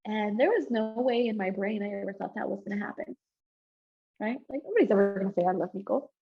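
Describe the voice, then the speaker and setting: A woman telling her personal testimony to a church group, animated and informal, acting out the dialogue she recalls and often speaking to the audience directly. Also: mid-range voice, quick pace, creaky, husky, dull audio. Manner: animated storytelling, acts out quoted dialogue, laughs often; informal, addresses audience as y'all and guys. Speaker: abuse counselor and youth mentor.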